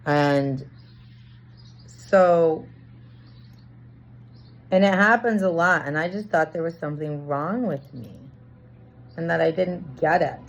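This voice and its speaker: Speaking low and slowly with long pauses, a woman earnestly works through a confusing experience in a reflective personal monologue, acting out snippets of dialogue as she searches for meaning. The dull lo-fi recording carries a faint hiss or hum.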